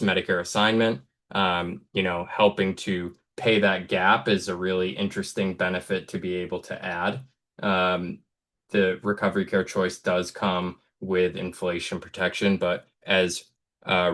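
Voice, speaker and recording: A man's voice: low voice, a bit bright. An American man hosting an insurance study group call, talking casually and thinking aloud with many fillers. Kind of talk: casual webinar discussion.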